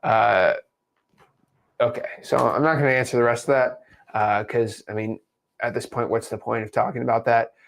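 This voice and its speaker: A man's voice: mid-range voice, fairly even intonation, normal speed, creaky. A man hosting a live question session, giving casual coaching advice and calling listeners "man" and "dude". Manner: laid-back, calls people "man" and "dude". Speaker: host answering live questions.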